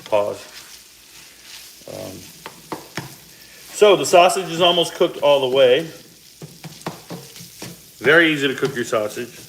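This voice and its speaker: Frying food sizzles faintly as this forties-aged cooking vlogger rambles to viewers from his home kitchen stove. His mid-range voice is expressive and slow, with vocal fry and long pauses, a slight cough from a sore throat, some background noise, and rough recording quality.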